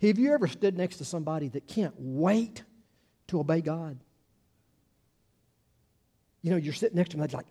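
A man's voice: on the high side, expressive, moderate pace, long pauses, warm tone, husky. A man preaching a conversational sermon as a pastor, informal and chatty, with wry asides to the congregation. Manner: informal and chatty, many fillers and restarts.

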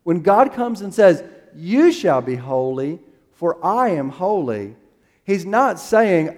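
Animated high-voiced male preacher. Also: takes it slowly, in a large hall. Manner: emphatic, rising to a preaching crescendo; restarts and fillers while finding the verse. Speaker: pastor. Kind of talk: sermon.

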